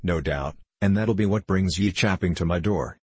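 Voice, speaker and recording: A man with a deep voice voicing a miserly, suspicious old man who speaks curtly, in a dry recording. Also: normal speed, a little mellow, husky, no echo. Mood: curt, wary. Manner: curt and wary.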